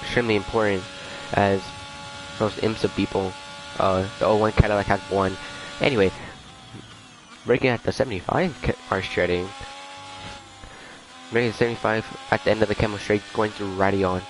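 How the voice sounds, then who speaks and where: Male league streamer, laid-back rambling commentary, lowish voice, faint background hiss. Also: steady tone, moderate pace, long pauses. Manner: rambling, easygoing, mutters asides. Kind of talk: casual live-stream commentary.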